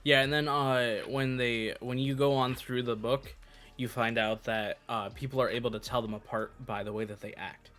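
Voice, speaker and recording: A man's voice: mid-range voice, fairly even intonation, moderate pace, fairly bright tone, soft background music. A man co-hosting a podcast, talking casually and hesitantly about a book. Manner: hesitant, many fillers and restarts. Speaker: podcast co-host.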